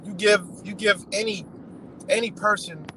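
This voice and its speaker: A man's voice: sits high, steady tone, moderate pace, sharp tone, slight background noise, low-quality recording. A man giving a profane, rambling unscripted monologue, full of "you know" and "man".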